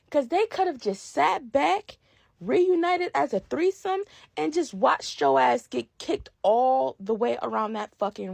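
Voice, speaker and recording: A woman's voice: a little high, creaky, slightly rough, dry recording. A woman podcast host delivering a heated, profane rant about wrestling, emphatic and fired-up.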